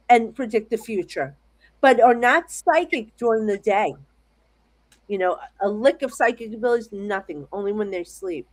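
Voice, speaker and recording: A middle-aged American woman chats from her home office desk over a video call, her voice sitting a little high for a woman. She tells her stories in a rambling, animated way, tripping over restarts as she goes. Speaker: psychic medium guest. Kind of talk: casual interview chat.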